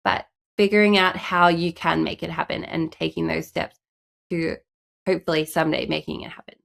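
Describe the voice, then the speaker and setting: Gravelly-voiced woman with a stuffy nose. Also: sits low, steady tone, brisk, a bit bright. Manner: chatty, frequent "like" fillers. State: stuffy, congested from a cold. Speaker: podcast co-host. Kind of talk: casual podcast chat.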